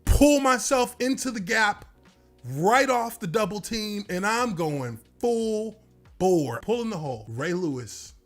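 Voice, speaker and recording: Here an ex-pro lineman spins a football yarn slowly, his voice sitting high. His retelling is animated and dramatic, loosened up with some cursing, and faint music hums behind him.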